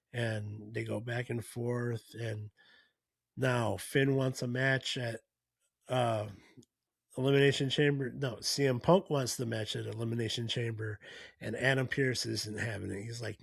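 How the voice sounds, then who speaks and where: Gravelly man recapping casually. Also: medium pitch, fairly even intonation, a little slow, no room sound. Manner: rambling, full of fillers and restarts. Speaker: podcast host.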